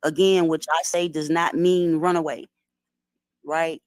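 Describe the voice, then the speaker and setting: A woman's voice: sits low, fairly even intonation, a little slow, a little mellow, no room sound. Woman explaining in a dry room. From Detroit, USA. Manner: explanatory, asks "right?" often, street slang. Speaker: guest. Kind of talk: casual conversational lecture.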